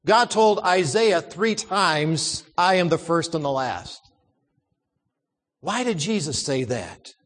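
High-voiced preacher in an echoing hall. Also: male voice, very animated, takes it slowly, a bit bright. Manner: emphatic, repeats words and asks the congregation questions. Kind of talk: sermon.

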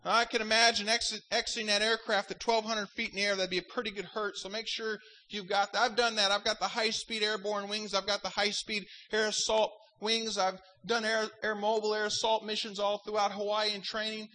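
Very high-voiced bright pastor preaching. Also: male voice, flat delivery, fairly quick, hardly any pauses, poor audio. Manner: fervent preaching with wry asides. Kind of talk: sermon.

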